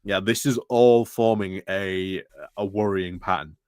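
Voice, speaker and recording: A man's voice: low-pitched, steady tone, unhurried, a little mellow, clear, resonant tone, dry recording, studio quality. A man co-hosting a news talk stream over a video call, speaking earnestly and hesitantly with many restarts. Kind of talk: casual live-stream chat.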